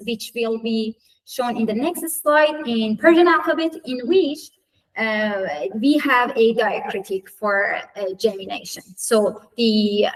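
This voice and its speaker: Woman giving a conference talk, kinda high voice, lots of uhs, mic far off. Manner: hesitant, many fillers and restarts. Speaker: student conference presenter.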